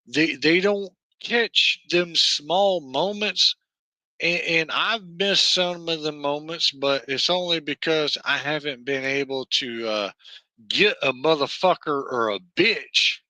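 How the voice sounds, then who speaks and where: Profane Southern man ranting, bright and dry. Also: a little high, no room sound. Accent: Southern American. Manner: profane, rambling rant with many fillers. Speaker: livestream host. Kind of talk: ranting livestream monologue.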